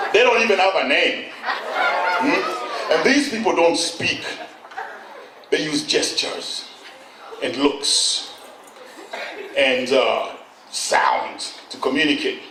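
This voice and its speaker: Animated Kenyan comedian in an echoey hall. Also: male voice, high voice, distant mic. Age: middle-aged. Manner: animated, acts out voices and shouts. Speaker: stand-up comedian. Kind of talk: stand-up comedy storytelling. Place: event hall on stage. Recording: echoey hall, mic from afar, noisy.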